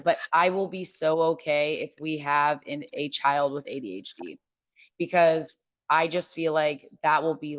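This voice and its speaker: A young woman hosting a podcast, talking openly and with feeling, full of fillers and restarts. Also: sits low. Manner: open, emotional, chatty with many fillers and restarts. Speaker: podcast host. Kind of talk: candid casual chat.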